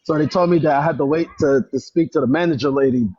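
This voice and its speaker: A man chats on a phone livestream, his voice a touch higher than most men's. He tells his story animatedly, repeating himself and raising his voice when upset. The sound is dull and dry, with the lo-fi feel of phone audio. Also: fast talker, a little mellow, slightly rough, no room sound. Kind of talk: casual livestream chat. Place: public library.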